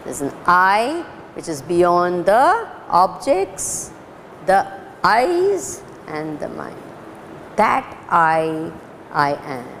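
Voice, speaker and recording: A woman's voice: fairly low pitch, huge pitch swings, extremely slow, a bit bright. A woman with an Indian accent giving a spiritual lecture in a hall, questioning her listeners and slipping Hindi into English. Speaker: spiritual teacher. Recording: hall reverb, faint ambient noise.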